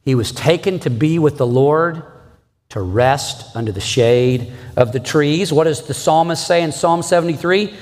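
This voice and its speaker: A man's voice: fairly high pitch, unhurried, darkish tone. A man preaching a sermon as pastor, earnest and asking the congregation rhetorical questions. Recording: reverberant church hall.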